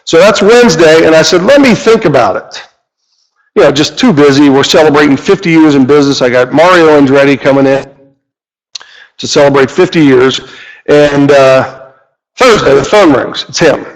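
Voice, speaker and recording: A man's voice: on the high side, normal speed, low-quality recording. A middle-aged man with a Midwestern American accent, a car shop owner and radio host, telling rambling stories full of fillers. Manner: rambling, anecdotal, many fillers. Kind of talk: casual storytelling talk.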